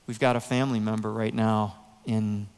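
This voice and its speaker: A man preaching a sermon in a church, earnest and emotional, with soft pauses. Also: on the low side, level tone, smooth, long reverb tail. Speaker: pastor. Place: church sanctuary.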